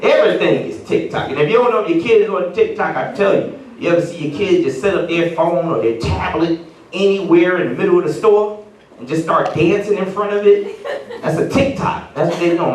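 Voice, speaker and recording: A middle-aged man performs a stand-up set at a party venue, telling stories and putting on voices for the people in them. His voice is high and brisk, and the roomy, distant recording picks up laughter from the live audience.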